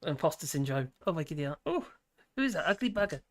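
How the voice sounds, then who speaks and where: A man's voice: on the high side, big pitch swings, fast talker, fairly bright tone. A man hosting a live stream in casual chat, rambling, laughing often and trailing off mid-sentence.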